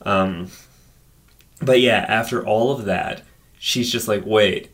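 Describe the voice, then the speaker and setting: A man in casual conversation, picking apart a film with an animated, profane delivery that slows down to stress key points. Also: lowish voice. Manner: animated, profane, drawn-out emphasis.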